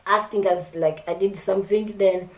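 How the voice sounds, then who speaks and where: A woman's voice: medium pitch, steady tone, moderate pace, echoey room, poor audio. A woman vlogger talking to camera about getting along with people, speaking unscripted, often repeating and correcting herself and acting out little examples. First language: French. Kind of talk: casual advice talk to camera.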